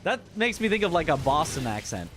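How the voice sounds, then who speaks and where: A man's voice: a little high, big pitch swings, brisk, a bit bright, soft background music. A young man streaming a game, chatting casually with his chat, laughing often and musing aloud about how words are pronounced. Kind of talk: casual livestream chat while gaming.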